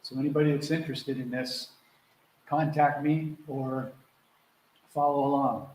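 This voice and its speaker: A man's voice: mid-range voice, steady tone, unhurried, a little mellow. A man hosting a live question-and-answer call as a spiritual mentor, talking casually and earnestly, acting out quotes and swearing freely over a video call. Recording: echoey room with faint background noise.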